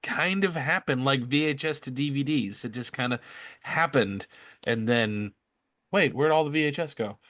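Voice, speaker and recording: A man's voice: mid-range voice, normal speed, a bit bright, dry recording. Chatty man with a dry, close sound. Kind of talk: casual podcast chat.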